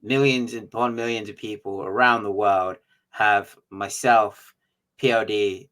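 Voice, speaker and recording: A man's voice: fairly low pitch, steady tone, unhurried, a bit bright, rough recording. A man co-hosting a casual podcast over a remote link, cracking dry jokes and speaking bluntly with plenty of swearing. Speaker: podcast co-host. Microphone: remote recording over an online studio.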